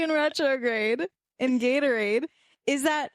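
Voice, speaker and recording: A young woman co-hosting a casual chat podcast, playful and quick to laugh. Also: on the high side, lively intonation, no echo. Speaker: podcast co-host.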